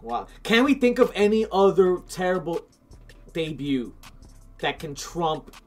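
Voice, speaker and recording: A man chatting casually with friends, his voice high and full of swoops in pitch. He laughs often and repeats his lines for emphasis. Faint music plays underneath. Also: very animated, unhurried, a little mellow. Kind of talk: casual chat.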